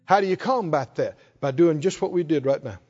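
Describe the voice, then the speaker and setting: A middle-aged man preaches a call-and-response sermon with a high-pitched voice for a man. He draws out key words and prompts the congregation to answer. The sound is dull and muffled, with a long reverb from a large hall. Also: expressive, fairly quick, a little mellow. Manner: emphatic, drawing out key words and prompting the crowd. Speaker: pastor.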